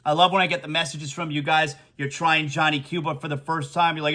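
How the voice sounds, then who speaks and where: A man hosting a solo sports talk show, excitable and animated, repeating catchphrases and reading ads in a casual way. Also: fairly high pitch, a little fast, hardly any pauses. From South Florida.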